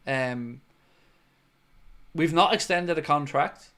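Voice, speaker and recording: A man talks football on a live fan stream, his voice sitting a little high. He is blunt and opinionated, says "um" often, and keeps the talk loose and conversational. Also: slow, a bit bright. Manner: opinionated, blunt, with frequent "um" and "look". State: has the hiccups. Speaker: football fan channel host. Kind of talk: live-stream football chat reading viewer comments.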